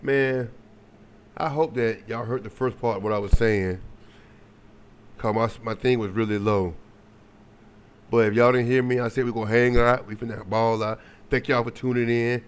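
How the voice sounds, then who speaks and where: A man's voice: mid-range voice, fairly even intonation, normal speed, clear, resonant tone. A man hosting a reaction video, chatting casually with slang and jokey asides.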